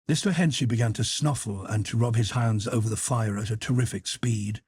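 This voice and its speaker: A man reading classic literary fiction aloud as an audiobook narrator, measured and even. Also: fairly low pitch, slightly rough, dry recording.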